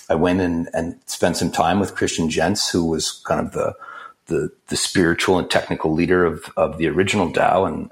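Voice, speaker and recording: A man being interviewed as a crypto project founder, talking in a measured way with many fillers and restarts. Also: low voice. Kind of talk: interview answers.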